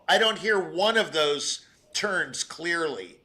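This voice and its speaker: An older man giving rambling, animated feedback on a piano performance, singing out phrases and laughing as he talks. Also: fairly high pitch, slow. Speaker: competition juror giving feedback. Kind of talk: spoken critique of a performance.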